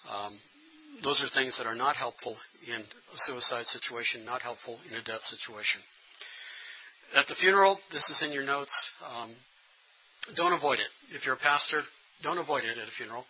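A man's voice: medium pitch, lively intonation, normal speed, pushed and bright, slightly rough, poor audio. A middle-aged man giving a workshop lecture to pastors, earnest and plain-spoken, often restarting his sentences. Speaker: instructor training pastors.

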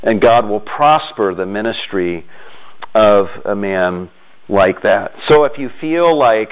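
A man's voice: lowish voice, animated, slow, clean tone. A middle-aged man giving an earnest, encouraging devotional talk to fathers, in a conversational manner with frequent restarts. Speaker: Christian speaker encouraging fathers. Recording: tinny, phone-like lo-fi sound.

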